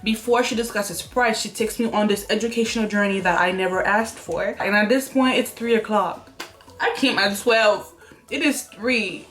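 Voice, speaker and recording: A young woman telling viewers a story in a casual vlog at home, animated and chatty, acting out what people said to her. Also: medium pitch, normal speed, faint music behind. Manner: animated, talks straight to viewers, acts out quotes. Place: room at home by an open window.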